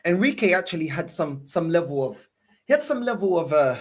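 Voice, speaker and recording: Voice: mid-range voice, big pitch swings, fairly quick. A football fan host ranting angrily to camera, swearing and repeating points. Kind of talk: angry fan rant to camera.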